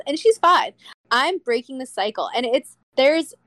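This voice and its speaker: A young woman guest on a podcast, speaking in a slightly high voice with blunt, impassioned conviction and plenty of swearing. Her voice sounds close and dry, with no room around it. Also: lively intonation, normal speed, a bit bright, dry recording. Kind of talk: candid casual chat.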